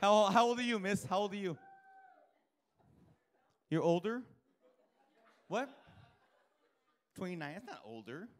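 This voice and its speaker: Brash, profane stand-up comic, high voice. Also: male voice, lively intonation, unhurried, pauses often. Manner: brash, profane, teasing the audience. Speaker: stand-up comedian. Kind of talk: live stand-up crowd work. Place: comedy club stage with a live audience. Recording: live club audio with crowd murmur.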